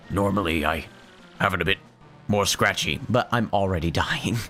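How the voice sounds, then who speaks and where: A hoarse man from Finland giving chatty, rambling gameplay commentary and laughing often. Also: low-pitched, a little slow, pushed and bright, soft background music. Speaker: let's play host.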